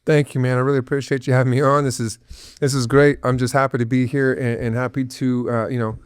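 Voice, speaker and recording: A man's voice: medium pitch, level tone, quick pace, clear, resonant tone, no room sound, studio quality. Earnest, emotional father telling his story. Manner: earnest, intense, many restarts and fillers. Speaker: guest, father of an autistic son. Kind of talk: emotional personal interview.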